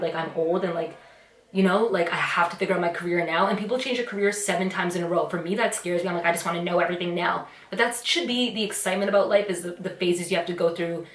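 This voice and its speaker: Her voice on the low side, a woman in her twenties chats loosely in a get-ready-with-me vlog, musing aloud and filling gaps with "like" and "you know." She's a YouTuber recorded on a camera mic in an echoey space.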